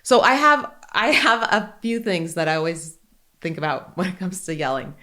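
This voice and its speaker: A woman's voice: fairly low pitch, normal speed. A woman in her forties hosting a podcast, chatting casually, joking and telling candid stories. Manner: animated, joking and candid storytelling. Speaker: podcast host.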